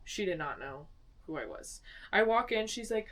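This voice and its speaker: A young woman from Arizona co-hosts a podcast from a small home studio, her medium-pitched voice fairly quick and picked up from a distance. She tells stories in casual chat and acts out the quotes in lively voices.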